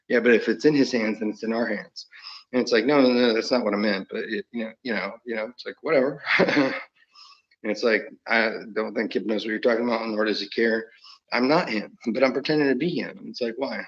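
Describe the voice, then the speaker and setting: A man's voice: mid-range voice, dull audio. A man talking in a rambling monologue, chuckling often and slipping into quoted voices. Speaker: channel host.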